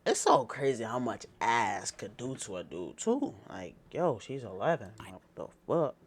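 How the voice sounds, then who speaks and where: A young man reacting to a video in casual chat, with loud laughing outbursts and profane banter. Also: medium pitch, wildly swooping pitch, moderate pace, breathy edge.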